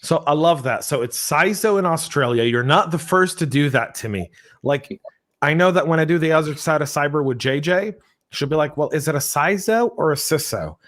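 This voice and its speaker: An American man hosting a casual podcast, with a slightly high voice. He talks with upbeat energy and slips into playful voices for anecdotes. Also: moderate pace. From United States. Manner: energetic, animated storytelling with funny voices. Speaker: podcast host.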